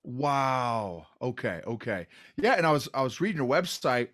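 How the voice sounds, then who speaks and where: Forties guy hosting a podcast, laughs a lot, loose and chatty, middle pitch. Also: sing-song, moderate pace, fairly bright tone. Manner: eager and laughing often, loose and informal. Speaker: podcast host. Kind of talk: casual interview chat.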